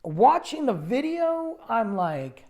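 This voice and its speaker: A man hosting a podcast, telling a personal story in a rambling, animated way, often cutting himself off mid-sentence. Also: extremely high pitch, slow. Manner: rambling, animated, self-interrupting. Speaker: podcast host. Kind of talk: casual storytelling monologue.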